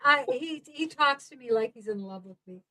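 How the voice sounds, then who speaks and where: A woman's voice: high voice, lively intonation, moderate pace, a crowd in the background. A woman chatting casually on a livestream video call, laughing often through her words.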